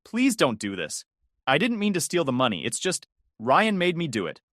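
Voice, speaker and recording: A man's voice: a little high, huge pitch swings, moderate pace, fairly bright tone, dry recording, studio quality, voice pushed up. A man voicing a tearful, manipulative adult sister who pleads and makes excuses. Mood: pleading. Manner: defensive, pleading.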